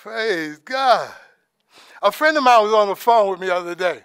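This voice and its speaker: A man giving an informal, conversational sermon as preacher, dropping in praise asides and trailing off softly. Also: high voice, lively intonation, normal speed, clean tone, dry recording, clean studio sound. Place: church in Alaska.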